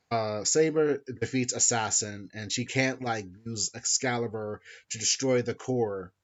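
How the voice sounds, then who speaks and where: A man's voice: on the low side, a bit bright. A man hosting a podcast, casually recapping a story in a rambling, self-correcting way with some swearing. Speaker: podcast host. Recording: dull lo-fi sound.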